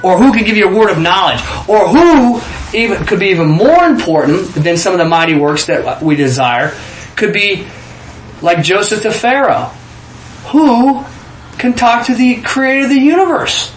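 A man giving an informal sermon full of stories, talking in animated bursts and often repeating words as he goes. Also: high voice, moderate pace. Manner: animated, repeats words when excited, southern 'y'all'. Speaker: preacher. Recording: echoey room with faint background noise.

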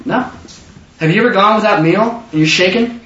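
A high-pitched man with a bright, ringing tone delivers an animated sermon. He calls questions out to the congregation and acts out quotes. The sound is dull, echoey and distant, as if recorded from the back of a hall. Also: a little fast. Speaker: preacher.

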